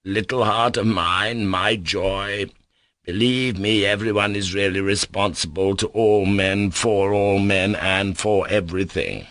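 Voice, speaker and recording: A man voicing a gentle, tender young man who is dying, speaking in soft, caressing words. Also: lowish voice, fairly even intonation, a little slow, no room sound, clean studio sound. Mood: tender, joyful.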